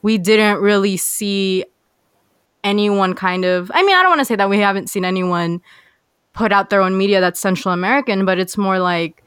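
A woman's voice: medium pitch, moderate pace, fairly bright tone, clear, resonant tone, dry recording, clean studio sound. A young woman hosting a podcast, chatting in a bubbly way and saying "like" often. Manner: bubbly, heavy use of "like". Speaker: podcast host. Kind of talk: casual podcast chat.

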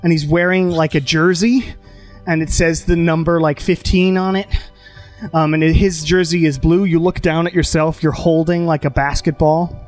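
A man serving as game master narrates a tabletop game in a fairly high voice. He hesitates often, fills gaps with "um" and "like," and corrects himself as he goes. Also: steady tone, moderate pace, a little mellow, faint music behind. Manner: hesitant, full of fillers and self-corrections.

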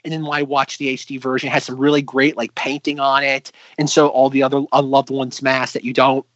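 A man co-hosting a casual podcast chat, animated and quick to slip into voices when quoting characters. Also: mid-range voice, dry recording, highs cut off. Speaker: podcast co-host.

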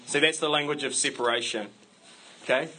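A man's voice: a little high, steady tone, fairly quick, sharp tone, a little hiss or hum, poor audio. A man preaching a sermon to his church in a conversational way, breaking it up with self-deprecating jokes. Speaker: pastor.

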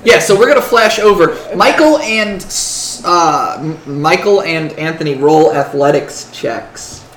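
A man's voice: a little high, measured pace, few pauses, echoey room, a little hiss or hum. A man running a tabletop game as game master. He jokes and laughs often. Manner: animated, joking, laughs often.

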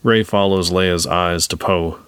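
A man with a deep voice narrates a script read-aloud. His delivery is brisk and even, with occasional dry humor. The sound is dry and close. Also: clean tone, no echo.

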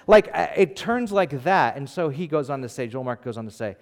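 Guy pastor giving a sermon, chatty, animated, acts out bits of the story. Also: medium pitch, brisk. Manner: animated, acts out crowd voices, conversational with fillers.

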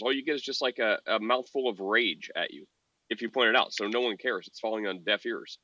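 Podcast guy, bright edgy voice, mocks people in a squeaky impression, dry kinda dull sound. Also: expressive, a little fast, dry recording. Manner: mocking, mimics opponents in a high voice. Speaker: podcast co-host. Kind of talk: casual opinionated chat.

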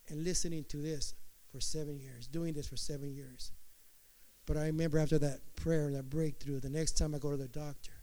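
A man preaches with an impassioned, rhythmic cadence, repeating phrases for emphasis. His voice is high for a man, smooth and resonant, and it swings between hushed passages and loud ones. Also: poor audio. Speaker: preacher giving testimony. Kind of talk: sermon.

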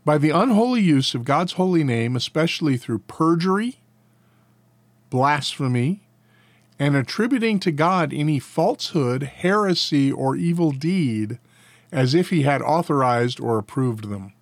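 A man's voice: a little high, expressive, a little slow, no room sound. A man teaching a catechism lesson, reading each answer and then adding casual, folksy commentary with a chuckle. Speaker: Bible teacher.

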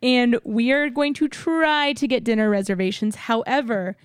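A woman's voice: fairly high pitch, normal speed, smooth, no echo, studio quality. Giggly young woman podcast co-host. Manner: giggly, upbeat, enthusiastic. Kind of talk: casual podcast chat.

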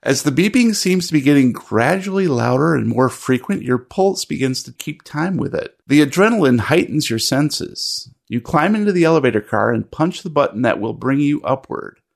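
A man narrating a tabletop game as game master, in a measured, descriptive storytelling manner. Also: on the high side, lively intonation, gravelly.

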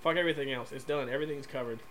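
A man's voice: medium pitch, rapid-fire, very noisy. A man co-hosting a casual podcast, blunt and joking, swearing often. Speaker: podcast co-host.

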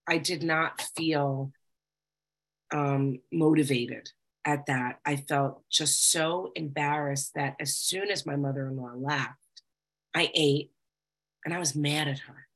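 A woman's voice: low-pitched, steady tone, takes it slowly. A woman giving candid personal testimony to a group, talking conversationally with frequent fillers. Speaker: recovery group speaker.

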